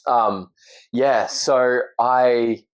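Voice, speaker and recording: A man's voice: medium pitch, steady tone, very slow, lo-fi sound, slight background noise. A man with an Australian accent, talking earnestly and reflectively as a guest in a casual interview, often restarting his sentences. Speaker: podcast guest, actor.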